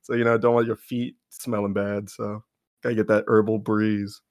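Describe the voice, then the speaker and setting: A man with a gravelly edge to his mid-pitched voice, co-hosting a podcast in loose, joking banter. He rambles and laughs through his stories. The sound is close and dry. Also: level tone, normal speed, darkish tone, dry recording. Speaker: podcast co-host. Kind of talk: casual chat.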